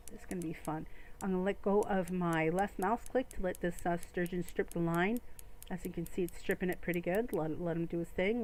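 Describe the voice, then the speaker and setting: A woman's voice: medium pitch, a little mellow, a little hiss or hum. A woman streaming a fishing game, chatting casually and rambling to her viewers from home. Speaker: gaming streamer. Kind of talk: casual gameplay commentary. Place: home room.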